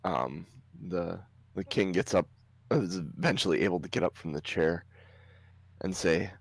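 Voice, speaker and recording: Deep-voiced man running a tabletop game. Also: measured pace, gravelly, husky, no echo. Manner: casual, laughs often while narrating. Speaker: game master.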